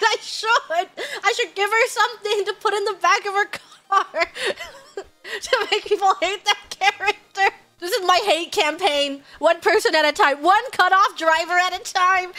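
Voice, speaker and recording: A young woman streamer telling a story in casual chat, excitable and laughing often, with loud outbursts. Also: extremely high pitch.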